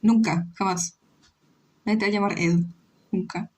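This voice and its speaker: A woman's voice: medium pitch, steady tone, brisk, rough recording. A young woman streamer chatting casually while she draws, rambling and teasing and slipping into Spanish now and then. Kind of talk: casual livestream chat while drawing.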